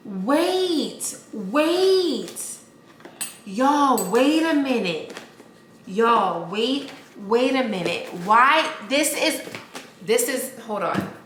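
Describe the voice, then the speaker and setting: A woman vlogger talks straight to her camera in an excited, gushing unboxing chat, tossing out exclamations and calling her viewers y'all. She speaks at an unhurried pace. The sound bounces around a roomy space, with a faint hiss underneath. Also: on the high side. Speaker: lifestyle vlogger. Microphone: camera mic. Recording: roomy echo with faint noise.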